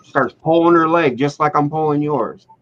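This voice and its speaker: A man in his thirties spins a long, rambling yarn in a deadpan, profane way. His voice sits a little high for a man, and the audio is dull and lo-fi. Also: moderate pace, slight background noise. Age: 30s. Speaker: storyteller. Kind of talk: casual chat, telling a joke as a true story. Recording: dull lo-fi sound.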